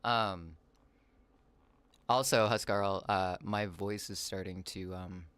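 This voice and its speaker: Man, lowish voice, casual livestream chatter, reads chat out loud, slightly raw voice, desk mic at home. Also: steady tone, takes it slowly, clean tone, no room sound. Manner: rambling, reads and answers chat messages aloud. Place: home, with cats nearby. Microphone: desk microphone.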